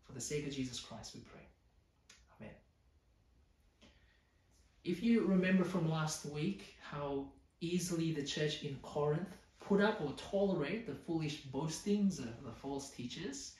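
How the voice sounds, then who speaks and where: A male pastor preaching a sermon, explaining scripture with lively emphasis and playful asides. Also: a little high. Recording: roomy hall, voice a bit far from mic.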